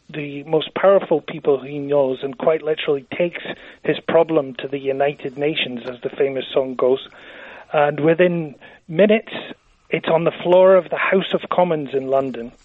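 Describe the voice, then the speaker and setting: A man calls in to a radio show over a thin, tinny phone line, his voice sitting fairly high for a man. He tells witty stories and drops in lines of poetry. The sound is dry and close. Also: dry recording. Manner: witty, anecdotal, quotes poetry. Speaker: charity society president, guest. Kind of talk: phone-in radio interview, storytelling.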